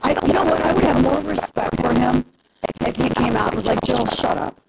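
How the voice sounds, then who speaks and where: A woman talk-show host rants with sarcastic, mocking energy. Her voice is full of gravelly fry. It comes over a noisy broadcast recording. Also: high-pitched, lively intonation, fairly quick. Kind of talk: opinionated talk show rant.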